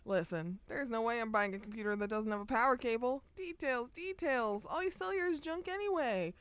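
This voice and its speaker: A woman's voice: on the high side, animated, a little fast, dry recording, lightly acted. A woman voicing an irritated young man who scolds a shopkeeper, reading his lines aloud in a dismissive, huffy way.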